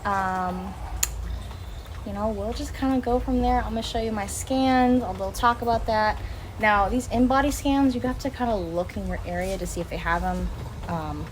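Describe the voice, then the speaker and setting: A woman's voice: medium pitch, normal speed, a little hiss or hum, rough recording. A young woman talking casually to camera as a fitness vlogger, chatty, blunt and emphatic. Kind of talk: casual vlog talk to camera.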